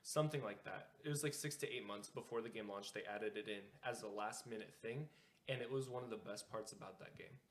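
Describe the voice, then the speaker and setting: A man co-hosting a gaming podcast in casual chat, explaining his opinions in a measured way. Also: lowish voice. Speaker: podcast co-host.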